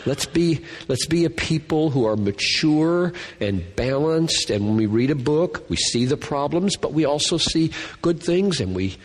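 A man's voice: a little high, expressive, unhurried, few pauses, long reverb tail. A man giving a Bible lecture to a class, thinking aloud and earnestly repeating key words. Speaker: Bible teacher.

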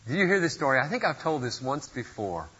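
Husky-voiced man preaching a sermon. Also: mid-range voice, big pitch swings, a little fast, sharp tone, highs cut off. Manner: earnest, asks the listeners direct rhetorical questions. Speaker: pastor. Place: church service.

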